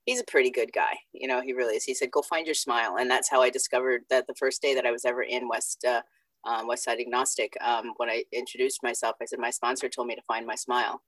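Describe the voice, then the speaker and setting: A woman with a strikingly deep, low voice speaks in a personal share at a recovery meeting. She is blunt and self-mocking, with frank profanity. The sound is dry and close, over a video call. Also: flat delivery, fast, a bit bright, no room sound, rough recording. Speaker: recovery meeting member sharing.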